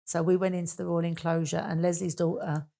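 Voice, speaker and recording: A woman's voice: on the low side, level tone, fast talker, creaky, dark tone. A woman in her sixties with a Cockney accent, guest in an interview, telling stories in chatty casual talk. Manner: chatty storytelling with fillers like "and that".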